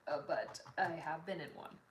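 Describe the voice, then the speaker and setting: A woman's voice: sits low, slight background noise. A woman chatting casually with her livestream viewers, reading their comments aloud and apologizing often, recorded from a distant mic in a roomy space. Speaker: artist streamer.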